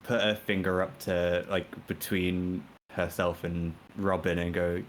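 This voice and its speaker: Slow, hesitant low-voiced man. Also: creaky, slight background noise. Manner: slow, hesitant, deadpan jokes. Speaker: player. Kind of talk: casual tabletop game chat.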